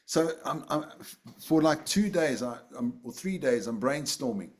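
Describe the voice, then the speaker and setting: A man's voice: medium pitch, expressive, normal speed. Rambling man leading a group talk. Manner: rambling, self-deprecating, repeats words. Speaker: group facilitator.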